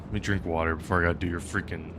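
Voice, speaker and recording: A man's voice: deep voice, steady tone, racing, noisy background. A man live-streaming a game, rambling casually and chatting with viewers between laughs. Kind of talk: casual gaming commentary.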